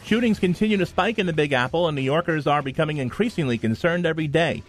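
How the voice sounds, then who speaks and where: A male radio anchor reading the news, traffic and weather in a steady scripted delivery. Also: on the high side, fast, soft background music.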